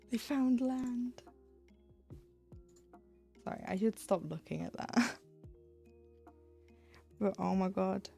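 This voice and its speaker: Stitching cross-stitch live, a young woman rambles through school stories, laughing and quoting her past self in casual crafting chat. Her mid-range voice is extremely slow, creaky, and mellow, with frequent pauses and soft background music.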